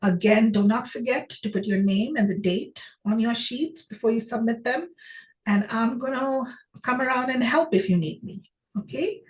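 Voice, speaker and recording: A woman teaching children phonics, patient and encouraging, sounding out words slowly and praising often. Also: on the high side. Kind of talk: phonics lesson to young children.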